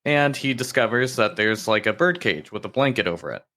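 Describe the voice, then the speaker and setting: A man's voice: lowish voice, animated, a little fast, bright, forceful tone. A man co-hosting a casual podcast, telling jokes in a loose, swearing storytelling manner and acting out the characters' lines. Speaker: podcast co-host.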